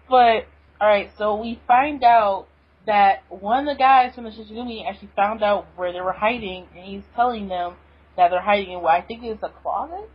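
A woman's voice: mid-range voice, normal speed, slightly rough, dull audio. A woman co-hosting a podcast, recapping a manga chapter in a giggly, enthusiastic casual way. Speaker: podcast co-host.

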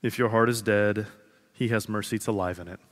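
A man in his thirties preaching a sermon to his congregation, earnest, repeating phrases slowly for emphasis and dropping from loud to hushed. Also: lowish voice, fairly even intonation. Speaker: pastor. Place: large church sanctuary. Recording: long reverb of a large hall.

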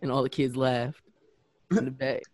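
A man's voice: medium pitch, little pitch movement, moderate pace, a little mellow, no room sound, studio quality. A man co-hosting a podcast who talks in a rambling, hesitant way, full of fillers. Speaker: podcast co-host. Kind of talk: casual chat.

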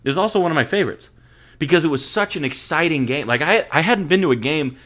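A man's voice: on the high side, expressive, fast talker, a bit bright. A young man hosting a podcast, telling rambling sports stories in casual chat, swearing freely. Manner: profane, rambling storyteller. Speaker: podcast host.

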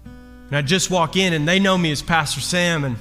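A man preaching as a pastor, telling a personal story in an animated, self-deprecating way. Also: on the high side, normal speed. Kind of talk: storytelling sermon. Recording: long hall reverb with faint guitar.

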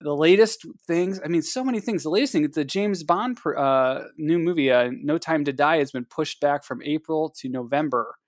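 A man's voice: fairly high pitch, moderate pace, few pauses, no echo, studio quality. A man from Ohio co-hosting a podcast, chatting casually with lots of fillers and restarts. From Ohio, USA. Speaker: podcast co-host. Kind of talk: casual chat.

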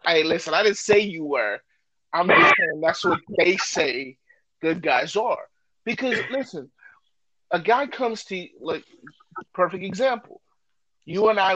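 A man co-hosting a podcast, talking loudly and joking in a casual, animated way. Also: a little high, no echo, muffled recording. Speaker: podcast co-host.

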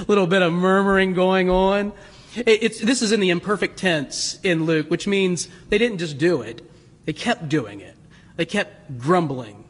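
Animated male preacher in a reverberant church. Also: sits high, moderate pace. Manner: animated, laughs often, acts out voices. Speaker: pastor. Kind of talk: sermon.

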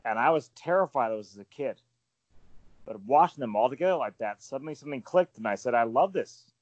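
Male host in his 40s, animated storyteller, dull dry remote mic sound. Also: medium pitch, fast talker, dry recording. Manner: animated, storytelling, frequent fillers. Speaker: podcast panel host. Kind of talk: casual panel chat.

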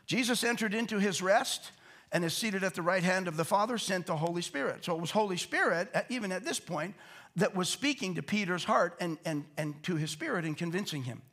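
Pastor, male, high voice, chatty verse-by-verse preaching, rhetorical questions. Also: lively intonation, fairly quick, a bit bright. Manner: conversational, repeats words, asks rhetorical questions. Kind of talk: Bible teaching sermon.

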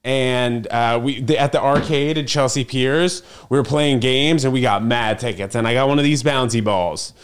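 A man's voice: medium pitch, moderate pace, hardly any pauses, smooth. A young man, chatting solo in a loose, rambling way to a camera set on his fridge at home. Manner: rambling, filler-heavy storytelling. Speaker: podcast host. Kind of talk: casual solo vlog chat. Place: apartment kitchen. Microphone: camera on a refrigerator.

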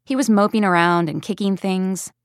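A woman's voice: mid-range voice, steady tone, moderate pace, dry recording, studio quality, lightly acted. A woman reading a mother's first-person story about her young son in a plain, conversational audiobook style. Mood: storytelling.

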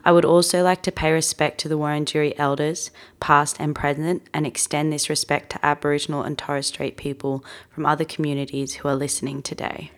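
A woman reading a formal acknowledgement in a measured, even way. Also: sits low.

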